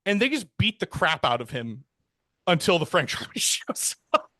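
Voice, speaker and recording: A man co-hosting a podcast, casually retelling a history story in a rambling, laid-back way, often saying "um" and "like" and jumping his pitch to act out the people in it. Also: very animated, moderate pace, bright, forceful tone, no room sound, clean studio sound. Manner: acts out quoted characters with jumps in pitch. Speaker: podcast co-host.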